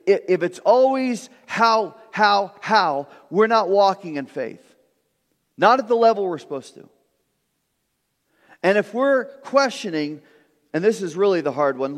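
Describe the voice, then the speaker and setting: A man preaching a sermon as pastor, earnest and animated, often repeating a word as he starts a thought. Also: a little high, a little slow. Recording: long reverb of a large room.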